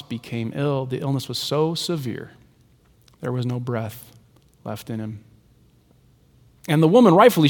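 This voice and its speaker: A male pastor preaching a sermon with rhythmic repetition, swinging between soaring lines and hushed ones. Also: medium pitch. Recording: long reverb of a large hall.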